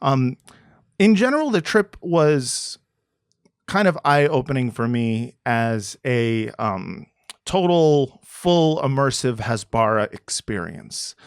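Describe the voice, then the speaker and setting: A man hosting a podcast, musing casually with many pauses and fillers. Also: mid-range voice, lively intonation, clear, resonant tone, no echo, clean studio sound. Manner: halting, filler-heavy musing. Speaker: podcast host. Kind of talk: casual reflective podcast talk.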